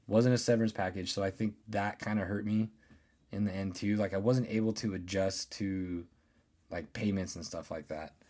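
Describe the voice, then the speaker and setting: A man in his thirties with a deep voice, hosting a casual podcast monologue and telling loose, profane stories about his days. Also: steady tone, normal speed, a little mellow. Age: 30s. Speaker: podcast host.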